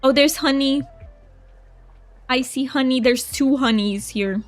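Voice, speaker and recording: A woman's voice: high voice, a little slow, faint music behind. A woman streaming a cozy game, chatting casually with her viewers and reading their messages aloud. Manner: chatty, giggly, reads chat aloud. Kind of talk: casual gameplay chat with chat.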